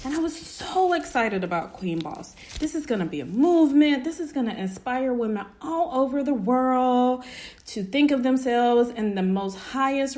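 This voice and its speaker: A woman business owner telling a personal story to her viewers in an animated, emphatic way, often checking in with "right?". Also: a little high.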